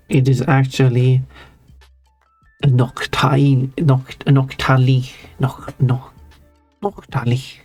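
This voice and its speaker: Slow-talking rambling streamer. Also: medium pitch, dark tone. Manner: rambling, frequent restarts and stammers; reads and answers chat messages. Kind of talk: casual chat while drawing on stream. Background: faint background music.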